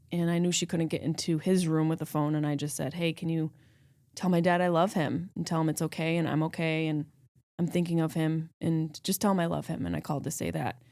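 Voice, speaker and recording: A woman host with a lowish voice speaks in a casual interview. She speaks reflectively about personal memories, and the sound is dry and close with no room echo. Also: darkish tone. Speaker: podcast host, comedian.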